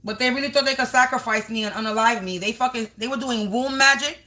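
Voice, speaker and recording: Woman spiritual reader on a home livestream, bright tone, emphatic and repetitive. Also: on the high side, fast. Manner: emphatic, repetitive, talks straight to viewers. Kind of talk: casual livestream card reading.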